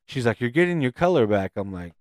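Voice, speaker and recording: A man telling a profane, animated story in casual chat on a podcast. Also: mid-range voice, quick pace, dry recording, studio quality.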